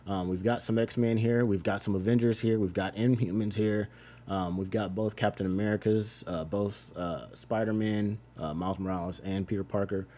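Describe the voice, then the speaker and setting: A man's voice: on the low side, steady tone, normal speed, warm tone. A man giving a casual, rambling page-by-page comic book recap, loosely paraphrasing the characters in an offhand tone.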